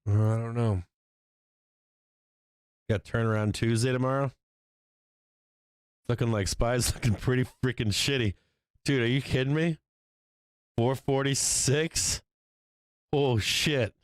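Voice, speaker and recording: Clear-voiced man calling stock trades live. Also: mid-range voice, unhurried, long pauses, no echo. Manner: profane, excitable, laughs often. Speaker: stock market livestream host. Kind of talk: live trading commentary.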